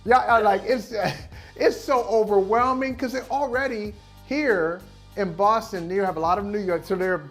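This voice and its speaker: A man with a notably high voice for a male speaker hosts a casual sports talk show. He argues animatedly and circles back over his phrases as he builds up a point. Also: moderate pace, a bit bright, soft background music.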